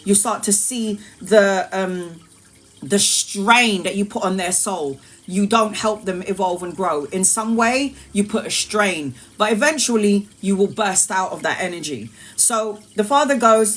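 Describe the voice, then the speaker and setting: Emphatic woman tarot reader on a live stream. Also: medium pitch. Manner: emphatic and repetitive, addresses viewers as "my love", swears freely. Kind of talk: live-streamed spiritual talk.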